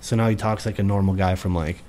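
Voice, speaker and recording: A man's voice: low voice, steady tone, fast, darkish tone, a little hiss or hum. A young man co-hosting a podcast in casual chat, laid-back and profane with dry asides. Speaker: podcast co-host.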